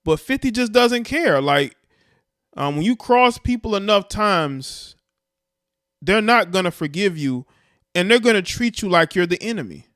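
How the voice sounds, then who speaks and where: A man with a high, smooth and clear voice talks casually on a livestream. He explains his points and speaks straight to his viewers. The sound is dry and close. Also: expressive, unhurried, fairly bright tone, dry recording. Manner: chatty, explains and addresses viewers directly. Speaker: livestream co-host.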